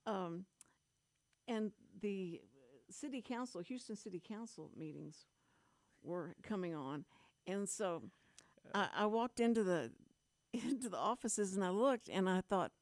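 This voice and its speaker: A woman hosting a radio talk show, telling a story in lively casual chat and laughing often. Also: medium pitch, no echo. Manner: animated storyteller, laughs often, quick asides.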